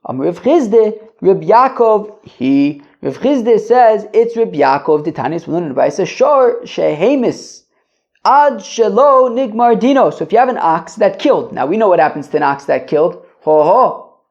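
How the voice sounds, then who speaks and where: A man's voice: high voice, lively intonation, moderate pace, a little mellow. A man hosting a podcast who reads Talmud passages aloud and explains them casually in English, often stumbling and repeating words as he searches for his phrasing. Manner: reads Aramaic lines then explains in loose, rambling English. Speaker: Talmud teacher and podcast host. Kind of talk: casual daily Talmud lesson. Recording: dull lo-fi podcast audio.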